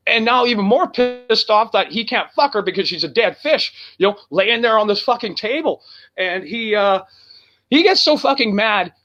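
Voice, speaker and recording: A man telling a profane, animated road story as a guest on a casual talk show. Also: high-pitched, dull audio. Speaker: guest musician.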